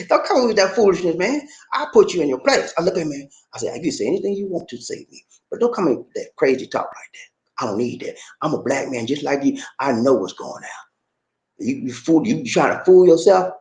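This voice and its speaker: Middle-aged man, animated pitch, emphatic casual preaching, roomy echo. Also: fairly quick. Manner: emphatic, repetitive, keeps addressing listener as man. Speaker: online commentator.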